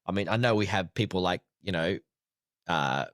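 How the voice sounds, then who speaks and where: Animated Australian man hosting a podcast. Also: deep voice, moderate pace, dry recording, clean studio sound. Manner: joking, crude, animated banter. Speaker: podcast co-host. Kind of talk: casual sports podcast chat.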